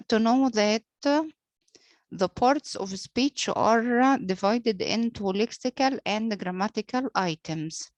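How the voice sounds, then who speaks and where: Woman teacher, arabic first language, super slow, lots of uh's, dry close recording. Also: a little high, no echo. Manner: slow and halting, many "uh" fillers. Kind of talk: lecture on poetic meter.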